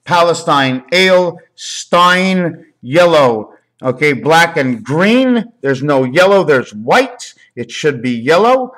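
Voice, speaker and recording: A man rambling through numbers and wordplay as he explains a drawing, swinging between loud bursts and quiet mumbling. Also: fairly high pitch, very animated, takes it slowly. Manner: meandering, wordplay, counting aloud, shifts from loud to quiet. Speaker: video maker.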